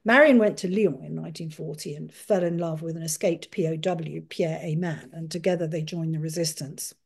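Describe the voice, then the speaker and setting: A woman author giving a talk, telling a family history in an earnest, measured storytelling way. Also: deep voice, steady tone, vocal fry, husky. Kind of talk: storytelling lecture.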